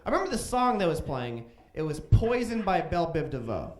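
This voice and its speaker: Animated comedian from Chicago in a roomy club. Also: male voice, fairly high pitch, a little fast. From Chicago, USA. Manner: animated, profane, jumps into loud voices for quotes. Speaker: stand-up comedian. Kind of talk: stand-up comedy storytelling. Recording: roomy club stage echo.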